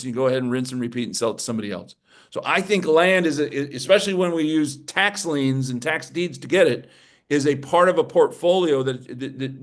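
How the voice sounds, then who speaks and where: Energetic man teaching an investor seminar. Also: medium pitch. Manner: energetic, emphatic, with rhetorical questions to the audience. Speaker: real estate investing instructor.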